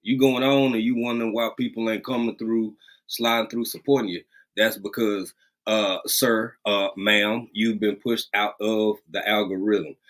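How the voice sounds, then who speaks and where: A man hosting a casual livestream from a rural home, greeting viewers by name and talking in a lively, drawling way, repeating phrases. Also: lowish voice, moderate pace. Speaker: livestream host.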